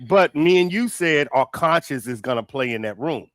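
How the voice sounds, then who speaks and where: A man's voice: on the high side, lively intonation, normal speed, a bit bright. A man who works as a mental health counselor, a guest in casual chat, thoughtful and opinionated as he muses aloud.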